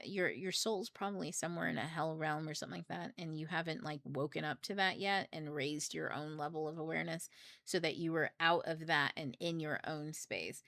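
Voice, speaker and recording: A young woman, the host of a book club, runs a casual livestream, rambling through ideas with jokes and lots of swearing. Her voice is bright and forceful yet fairly low, fairly quick with fairly even intonation, and the sound is close and dry, without room echo.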